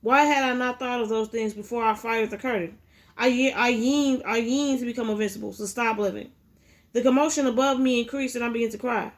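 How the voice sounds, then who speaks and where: A woman with a fairly high voice reading a memoir aloud. Her delivery is unpolished, with frequent stumbles and restarts. It sounds like a casual home read-aloud rather than a professional narration. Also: steady tone, fairly quick. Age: adult with a child. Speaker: audiobook reader.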